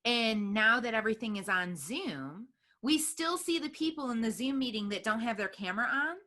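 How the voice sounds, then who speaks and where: A woman's voice: fairly high pitch, lively intonation, normal speed, sharp tone. A woman hosting a business podcast, encouraging and affirming her guest as she reflects and asks questions. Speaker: podcast host. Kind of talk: podcast interview conversation.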